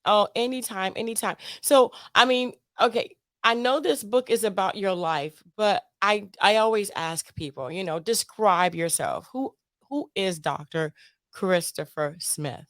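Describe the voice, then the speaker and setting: A woman hosting an interview podcast, fast-talking and excitable, in casual chat. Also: mid-range voice, no room sound, clean studio sound. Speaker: podcast host.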